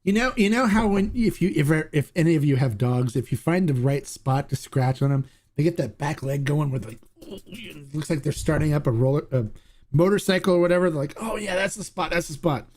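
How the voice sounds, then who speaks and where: A man hosting a casual tequila review livestream, excitable and chatty, laughing often and restarting his sentences. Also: fairly high pitch, brisk.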